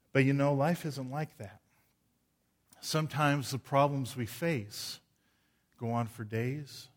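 A middle-aged man preaching, an earnest pastor who prays and then tells stories with animated swells. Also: mid-range voice. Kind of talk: sermon with prayer.

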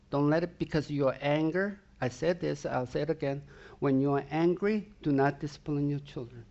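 A man's voice: on the high side, creaky, a little mellow, lo-fi sound. A man preaching a sermon, emphatic and direct, who keeps asking the congregation whether they are with him. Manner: emphatic preaching with repeated rhetorical questions to the congregation. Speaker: pastor.

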